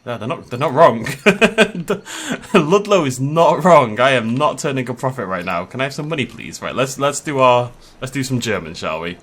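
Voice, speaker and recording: A man's voice: medium pitch, sing-song, moderate pace, hardly any pauses, a bit bright. A man giving casual gameplay commentary as a YouTuber, chatty and joking, laughing often. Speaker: gaming YouTuber.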